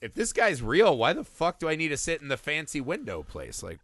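A man in his thirties talks through a film in a loose, animated way, swearing and slipping into voices for the lines he quotes. His voice is bright, forceful and a bit high. The recording is close and dry. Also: a little fast, no echo. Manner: animated, profane, acts out quotes. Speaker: podcast co-host. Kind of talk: casual movie discussion.

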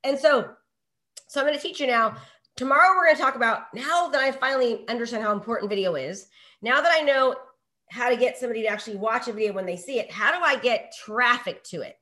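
A middle-aged woman coaching real estate agents in a live online session, energetic and full of rhetorical questions and checks of "okay?". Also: on the high side, fast.

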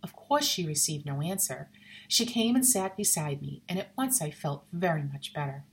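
A woman narrating a ghost story in an expressive, suspenseful reading. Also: low-pitched, normal speed.

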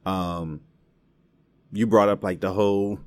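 A man's voice: lowish voice, steady tone, takes it slowly, dry recording. A man co-hosting a casual music talk, thoughtful and heavy on fillers. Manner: thoughtful, builds points with many fillers. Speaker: podcast co-host. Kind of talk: casual chat.

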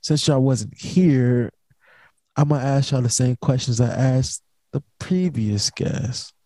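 A man's voice: medium pitch, slow, dark tone, no room sound. A young man hosting a casual late-night podcast, talking in a laid-back, rambling way full of slang. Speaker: podcast host.

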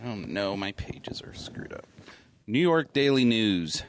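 A man's voice: lowish voice, big pitch swings, a little slow, a little hiss or hum. A man hosting a casual talk show, reading news items aloud with wry comments. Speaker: news-segment host.

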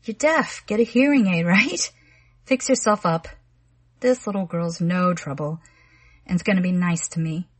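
A menacing young man, read by a woman with a husky, low voice, wheedling and slangy. He rattles off tough-guy expressions in a coaxing drawl. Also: fairly even intonation, moderate pace, a little mellow, natural voice. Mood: taunting. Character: smooth-talking menacing young man, pushy.

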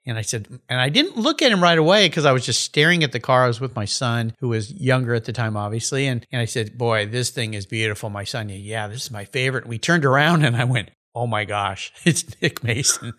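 Male podcast host, mid pitch, chatty and eager. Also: a little fast, hardly any pauses, a bit bright. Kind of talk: casual interview chat.

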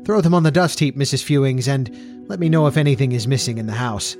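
A man's voice: medium pitch, fast, a little mellow, faint music behind, lightly acted. A man voicing a young male scientist who talks lightly and naturally. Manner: light, natural, easy talk.

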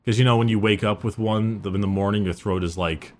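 A man's voice: lowish voice, fairly even intonation, fast. A man with a sore throat chatting casually and quizzing his co-host. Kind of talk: casual chat.

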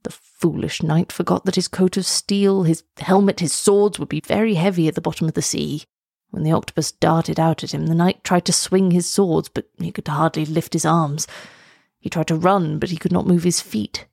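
A weary, patient old sea turtle , as a woman reads him, telling his tale in a measured, gently explaining way from a storybook. The voice is low-pitched, close and dry. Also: steady tone, vocal fry, no room sound. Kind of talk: storybook reading.

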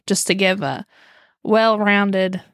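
A woman's voice: medium pitch, steady tone, slow pace, no room sound, clean studio sound. A woman with a West Virginian accent, chatting as a podcast co-host and telling a true-crime story, laughing often as she talks.

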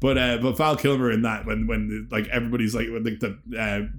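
A man's voice: medium pitch, flat delivery, fairly quick. A man chatting as a podcast guest, enthusiastic and profane, often quoting film lines with a laugh. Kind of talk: casual chat.

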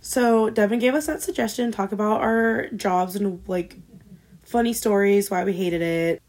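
A woman's voice: mid-range voice, measured pace, darkish tone. A young woman in her twenties co-hosting a casual podcast, loose and laughing, swearing freely, recorded on a built-in laptop mic. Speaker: podcast co-host. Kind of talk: casual chat.

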